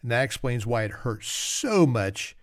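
A man's voice: medium pitch, very animated, measured pace, dry recording, studio quality. A man hosting a solo trivia podcast, reading facts with joking, self-mocking asides. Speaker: podcast host.

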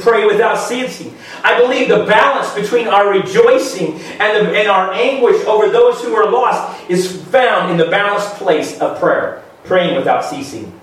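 High-voiced male pastor preaching emphatically, heard from afar in a very echoey church. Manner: emphatic, halting restarts, rhetorical questions. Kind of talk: sermon. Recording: very echoey room, voice from far off.

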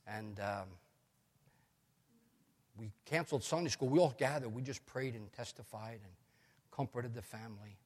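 An older male pastor preaching a sermon, telling anecdotes with animated asides in a husky voice. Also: mid-range voice, normal speed, pauses often, big-room sound.

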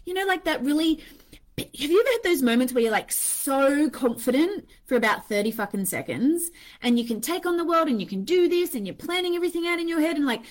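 Chatty, high-voiced woman who swears a lot. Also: very animated, brisk. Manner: chatty, swears freely, acts out her inner voices. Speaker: podcast host. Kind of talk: casual, candid monologue.

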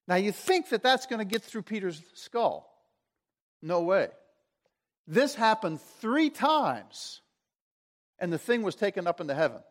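A man's voice: sits high, unhurried, pauses often. A man preaching a sermon, retelling a story and asking his listeners questions. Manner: storytelling, animated, asks the audience questions.

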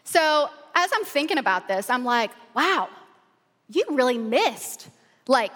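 A woman pastor preaching with an animated, excited, chatty way of telling funny stories from the pulpit. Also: high voice, slow. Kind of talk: humorous sermon storytelling. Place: large church auditorium. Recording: long reverb of a large hall.

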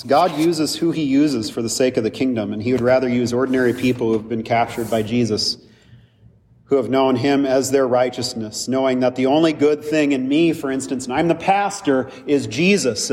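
A man's voice: medium pitch, a little mellow, slight background noise. A male pastor preaching a sermon in a conversational, lightly humorous way, with asides to the congregation. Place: church sanctuary. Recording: distant mic with long hall reverb.

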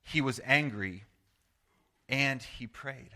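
A man preaching a sermon as pastor, earnest and conversational, swinging from loud to hushed and acting out quoted prayers. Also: medium pitch, takes it slowly. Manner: acts out quoted prayers and replies in voice.

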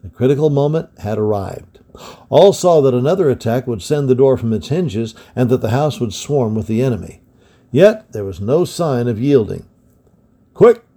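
Man, gravelly voice, mellow tone, measured story reading. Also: medium pitch. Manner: steady, measured narration with voiced dialogue. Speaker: storybook reader. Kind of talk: reading a historical adventure novel aloud.

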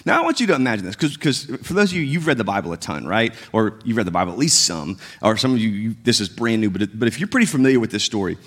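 A man delivers a sermon in a relaxed, talky manner. His pitch swings widely as he acts out the people in the story. He sounds like a pastor chatting with his congregation. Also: quick pace, few pauses, husky. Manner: conversational, acts out biblical dialogue with shifting tones.

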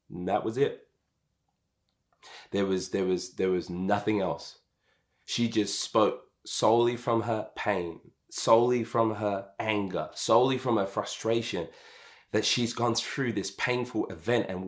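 A man preaching a sermon as pastor, swinging between soft, slow passages and emphatic, rising ones, often repeating words. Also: on the low side.

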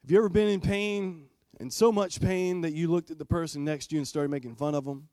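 A male pastor preaches in a church in a relaxed, conversational way. He speaks in a slightly high voice and puts direct questions to the congregation. The sound is close and dry. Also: a little fast, no echo. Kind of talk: sermon.

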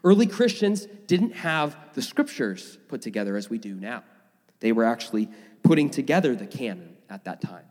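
A man preaching a sermon as a pastor, energetic and enthusiastic, with frequent fillers. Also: mid-range voice, moderate pace. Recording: long reverb of a large room.

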